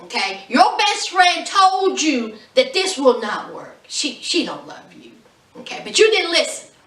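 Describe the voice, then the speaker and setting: A woman recapping a reality show in a sassy, mocking, animated way. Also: high voice, measured pace, echoey room, distant mic. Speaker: reality TV reviewer. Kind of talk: casual recap commentary.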